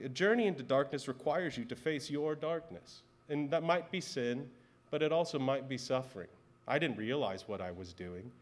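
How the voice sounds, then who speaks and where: Man preaching a conversational sermon. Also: mid-range voice. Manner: conversational, personal storytelling. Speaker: pastor.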